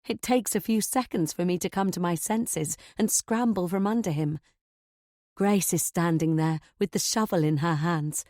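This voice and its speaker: A woman reading a first-person thriller audiobook in a measured, tense way. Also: fairly low pitch, a little mellow, no room sound, studio quality. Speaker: audiobook narrator.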